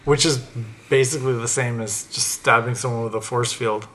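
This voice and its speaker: A man's voice: medium pitch, fairly even intonation, brisk, a bit bright, slight background noise. A man co-hosting a podcast, laid-back and agreeable in casual chat. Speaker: podcast co-host.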